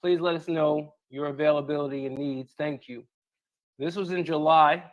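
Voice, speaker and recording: A man with a somewhat high voice reads messages aloud and recounts what happened. His delivery is plain and a little halting, with filler words here and there. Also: steady tone. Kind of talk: reading out messages and recounting events.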